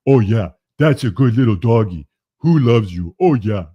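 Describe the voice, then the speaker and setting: A gushing woman cooing sing-song baby talk at her little dog, voice pitched up and louder than the speaker's usual talk, as a man mimics her. The tone is mocking and sugary. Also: animated, normal speed, husky, highs cut off.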